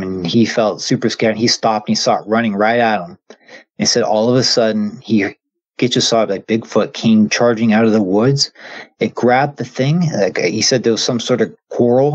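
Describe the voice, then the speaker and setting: Halting man on a dull lo-fi recording. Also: on the low side. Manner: halting, with many fillers and restarts. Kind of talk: casual retelling of a story heard from someone else. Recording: dull lo-fi audio.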